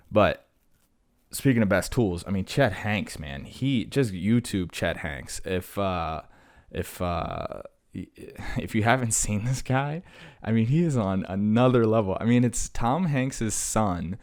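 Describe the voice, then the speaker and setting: A man's voice: fairly low pitch, lively intonation, measured pace, a little mellow. A young adult man hosting a podcast, chatting casually in a rambling, jokey, self-deprecating way with lots of fillers. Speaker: podcast host. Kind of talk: casual solo chat.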